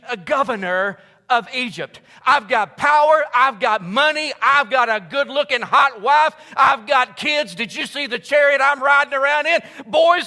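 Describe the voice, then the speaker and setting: A man's voice: creaky, full character voice. A preacher voicing an imagined gloating man in a sermon who brags about his power to the brothers who wronged him, in a mocking, swaggering way. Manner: mocking, swaggering, loud and high-pitched. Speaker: pastor.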